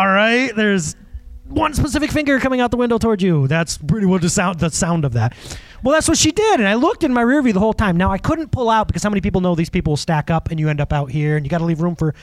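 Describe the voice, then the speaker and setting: Animated high-voiced male preacher telling stories. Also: quick pace, dry recording. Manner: animated storyteller, acts out other people, chuckles often. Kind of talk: conversational sermon with personal stories.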